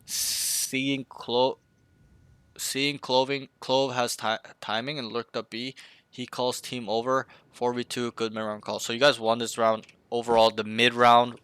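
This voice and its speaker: A man's voice: medium pitch, flat delivery, unhurried, fairly bright tone, smooth, no echo. A man coaching a student through a match review, blunt and profane, often acting out team callouts. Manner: blunt, swears freely, acts out callouts. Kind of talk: casual coaching session.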